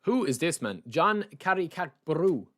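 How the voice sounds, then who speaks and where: A young Irish man streaming a game, chatty and excitable, talking to his chat as "lads" and saying he is sleep-deprived. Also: on the high side, unhurried. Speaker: gaming streamer. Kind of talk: live stream chat while opening game packs.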